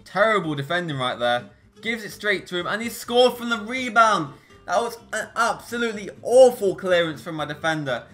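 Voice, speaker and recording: A young gaming YouTuber gives live commentary on his own football video game matches, bouncing excitedly between groans and shouts. His voice is high, his speed is normal, and soft music plays in the background.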